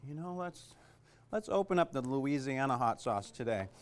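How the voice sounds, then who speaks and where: A man's voice: medium pitch, lively intonation, normal speed, a little hiss or hum. A man teaching a cooking class in a kitchen, chatty and joking, with lots of fillers. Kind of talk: casual cooking demonstration.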